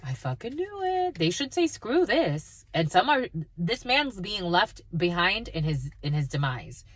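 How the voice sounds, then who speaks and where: A woman's voice: fairly low pitch, lively intonation, measured pace, no echo. Woman doing a cussing energy reading, voice swings all over, dry close sound. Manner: blunt, swears constantly, laughs at her own reading. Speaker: spiritual reader. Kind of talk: profane channeled energy reading.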